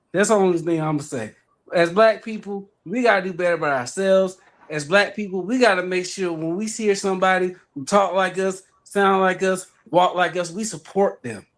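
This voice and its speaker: On a livestream, a guest from Atlanta, Georgia rants with heated emphasis and plenty of profanity, often repeating himself. His voice sits high and moves at a normal speed, carrying an Atlanta Southern accent.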